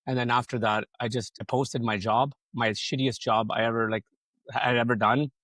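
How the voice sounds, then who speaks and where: A man's voice: mid-range voice, little pitch movement, normal speed, a bit bright, dry recording. A man telling his business story as a podcast guest, rambling casually, swearing freely and acting out other people's lines. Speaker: podcast guest, solar company founder.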